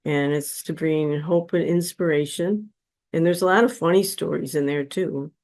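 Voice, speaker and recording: A woman guest on a podcast, telling a personal story in a slow, earnest, heartfelt way. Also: low voice, fairly even intonation, darkish tone.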